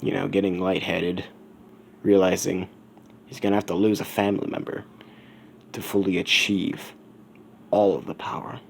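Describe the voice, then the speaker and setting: A man's voice: sits low, flat delivery, normal speed, vocal fry, pauses often, a little hiss or hum. A man telling a fan story in a casual, rambling way, with self-correcting asides. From United States.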